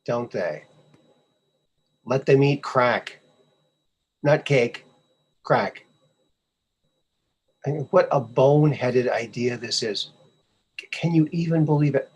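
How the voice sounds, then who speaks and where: A man's voice: mid-range voice, takes it slowly, long pauses, darkish tone, husky. A male podcast host giving casual commentary on memes, sarcastic and scoffing, often repeating his phrases.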